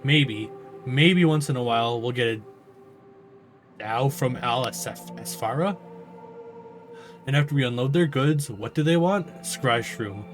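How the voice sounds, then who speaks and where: A man's voice: medium pitch, measured pace, long pauses, faint music behind, close to an everyday voice. A man reading out a sarcastic, fed-up female guild officer from a game, exasperated and swearing.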